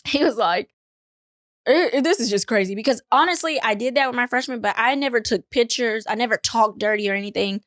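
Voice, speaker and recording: A young adult woman co-hosting a casual chat, telling stories in an animated way, acting out quotes with big jumps in pitch and laughter. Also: brisk, dry recording, studio quality. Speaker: podcast co-host.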